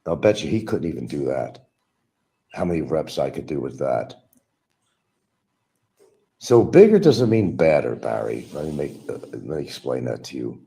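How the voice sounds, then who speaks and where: A man's voice: rumbling low, sing-song, moderate pace, creaky, long pauses, mellow. A man hosting a stream, giving a combative, mocking monologue aimed at absent rivals. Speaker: livestream host. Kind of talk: ranting monologue.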